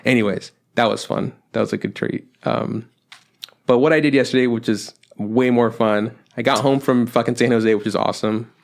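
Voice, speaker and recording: A man's voice: mid-range voice, steady tone, normal speed, gravelly. A young man chatting on a podcast, rambling with lots of fillers and swearing. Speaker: podcast co-host. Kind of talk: casual chat.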